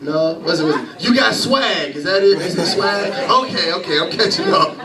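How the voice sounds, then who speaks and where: A man's voice: sits high, normal speed, echoey room, distant mic, crowd noise, low-quality recording. A man in his thirties preaching a sermon in a church, talking to the congregation conversationally and with humor. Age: 30s. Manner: conversational preaching with laughter and call-and-response.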